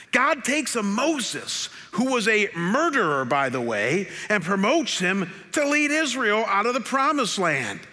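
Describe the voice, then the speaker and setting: Animated storytelling pastor in reverb. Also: male voice, sits high. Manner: animated storyteller, acts out quotes. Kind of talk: sermon with personal story. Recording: long hall reverb.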